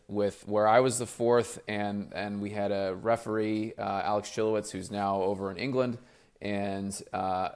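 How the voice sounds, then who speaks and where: A man explaining his refereeing work in a measured, thoughtful way during a casual interview. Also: lowish voice, darkish tone. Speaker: professional referee guest.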